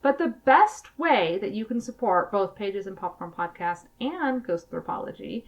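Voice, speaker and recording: A woman co-hosting a podcast in casual chat, emphatic and quick to laugh. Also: mid-range voice, animated, highs cut off. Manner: chatty, laughs often, emphatic. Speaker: podcast co-host.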